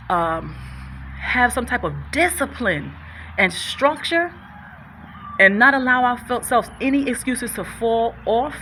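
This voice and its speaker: Bright-voiced earnest woman vlogger. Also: mid-range voice, a little hiss or hum. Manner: earnest, preachy, repeats phrases, sometimes fumbles words. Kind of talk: faith-based personal vlog, talking to viewers.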